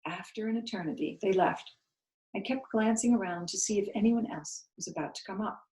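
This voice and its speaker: A woman, a school co-founder, reading a novel aloud with expressive, lively storytelling. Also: mid-range voice, fairly quick, echoey room, low-quality recording. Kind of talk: storybook read-aloud narration.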